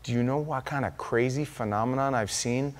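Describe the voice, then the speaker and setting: A male pastor giving an impassioned sermon, swinging from hushed confession to loud emphasis. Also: mid-range voice, brisk.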